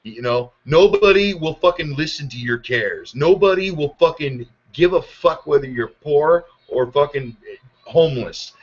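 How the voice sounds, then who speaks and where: A man's voice: a little high, lively intonation, unhurried. Profane ranting man, muffled audio. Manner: angry, heavy swearing, sarcastic. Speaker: podcast host. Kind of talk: profane political rant.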